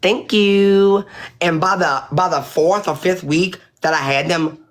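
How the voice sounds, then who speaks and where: A woman livestreamer with a low voice, speaking at a moderate pace, rants to her audience. She's indignant and sweary, rambling along and restarting her thoughts.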